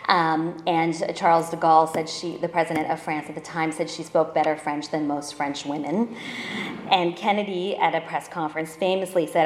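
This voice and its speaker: Woman, lowish voice, conversational, lots of ums, echoey room. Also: slight background noise. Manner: conversational, many fillers. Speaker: author and historian. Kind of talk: informal talk.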